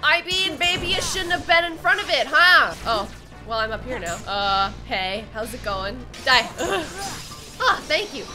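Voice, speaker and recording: A woman's voice: sits high, measured pace, music in the background. A woman playing a video game on stream, chatting goofily to the characters and joking, with a sore throat. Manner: goofy, excitable, talks to the game characters. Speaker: gaming streamer. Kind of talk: casual let's-play commentary.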